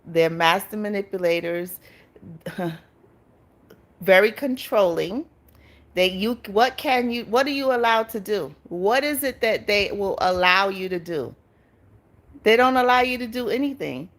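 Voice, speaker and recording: A woman hosts a casual livestream at an unhurried, drawn-out pace. She chats directly with her viewers, responds to their comments and breaks into frequent laughter. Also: medium pitch. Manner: chatty, laughs often, talks back to viewers' comments. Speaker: livestream host.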